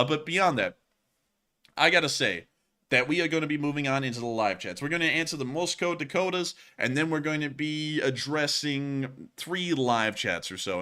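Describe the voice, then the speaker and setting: A man hosting a live-stream news show, chatting casually and reading out viewer messages, with lots of fillers and restarts. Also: medium pitch. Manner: rambling, heavy on fillers and restarts, upbeat shout-outs.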